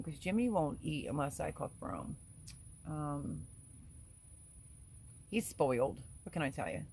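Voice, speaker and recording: A middle-aged woman hosting a homestead live stream, reading viewer comments aloud in a chatty, rambling way and laughing often. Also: lowish voice. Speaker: homestead channel host.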